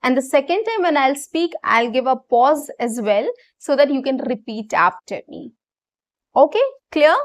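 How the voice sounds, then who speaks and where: Casting: high-pitched young woman, English coach, explanatory and encouraging tone, frequent check-ins. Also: expressive, normal speed. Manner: explanatory, repeats key phrases with frequent "right?" and "okay". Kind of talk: online English lesson.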